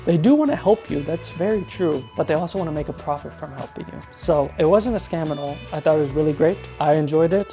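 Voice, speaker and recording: A man's voice: fairly high pitch, mellow. A man recapping an event casually in a vlog, rambling with lots of fillers. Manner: rambling, filler-heavy, quotes others in his own voice. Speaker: vlogger.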